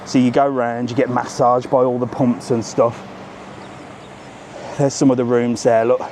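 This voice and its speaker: In an unhurried, mid-range voice, a middle-aged travel vlogger leads a chatty live walking tour of a hotel resort, talking into his phone camera outdoors. He's animated and keeps saying "look", and there's a faint hiss or hum in the sound.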